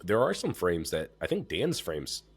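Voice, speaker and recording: Deep-voiced guy hosting a podcast, all stuffed up, laid back, swears a lot. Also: normal speed, husky. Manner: relaxed, swears freely, many fillers. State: congested, stuffed-up nose. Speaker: podcast host. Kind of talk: casual chat.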